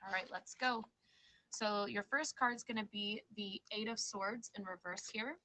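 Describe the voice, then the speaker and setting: Mid-range in pitch, bright and forceful, this tarot reader speaks at a measured pace over poor audio with a bit of hiss or hum. Hosting a live-stream tarot show, she chats casually and comforts her guests, addressing them as babe and girl.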